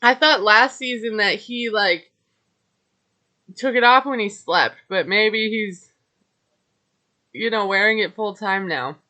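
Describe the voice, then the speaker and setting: A woman's voice: mid-range voice, slow pace, pauses often, pushed and bright. A woman casually recapping a reality show, chatty and gossipy, with lots of filler words and judgmental asides.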